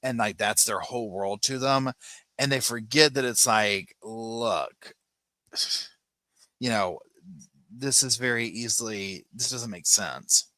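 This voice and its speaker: A man hosting a casual live-chat commentary, retelling events in a sassy, animated way. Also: medium pitch, slow, dry recording. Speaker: host.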